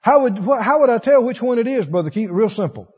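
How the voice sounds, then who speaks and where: A man's voice: very high-pitched, quick pace, breathy edge. A man preaching a sermon, telling stories animatedly and acting out the voices in them. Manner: animated storytelling, acts out voices, laughs often. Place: church. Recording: dull echoey church hall recording.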